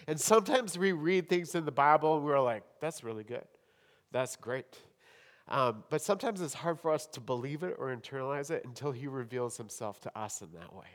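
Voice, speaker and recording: A man preaching a sermon in a church hall, with dramatic swings between loud emphasis and hushed tones. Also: medium pitch. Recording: long hall reverb.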